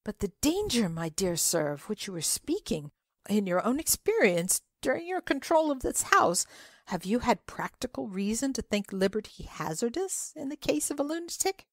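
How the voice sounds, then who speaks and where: A woman's voice: on the high side, sing-song, moderate pace, no room sound, studio quality, pitched above the performer's own voice. A woman voicing an eager, apologetic young male visitor in a dramatic reading of a classic story, speaking deferentially with polite stammers. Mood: earnest.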